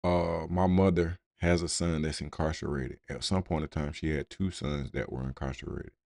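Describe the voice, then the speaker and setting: A man's voice: a bass voice, fairly even intonation, moderate pace, gravelly, a little mellow, no echo, studio quality. A man hosting a talk show, speaking bluntly and informally in a casual, conversational way. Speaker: host. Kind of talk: casual commentary.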